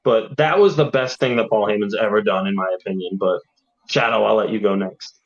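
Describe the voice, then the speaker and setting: A man hosting a casual podcast chat, telling stories excitedly and swearing freely. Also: lowish voice, fairly quick. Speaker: podcast host. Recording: dull lo-fi audio.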